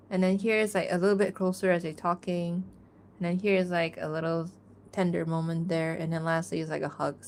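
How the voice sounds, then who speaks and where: A woman's voice: fairly low pitch, a little mellow, slight background noise. A young woman chatting casually on a drawing stream, rambling with lots of fillers and frequent laughs. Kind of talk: casual livestream chat while drawing.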